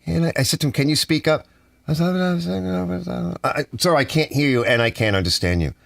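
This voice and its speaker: Man, from the US, ranting, exasperated, lively swings in pitch, dry studio sound. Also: fast talker, no room sound. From United States. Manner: exasperated, animated complaining with softened swearing. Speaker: channel host. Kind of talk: ranting casual monologue. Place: home garage studio.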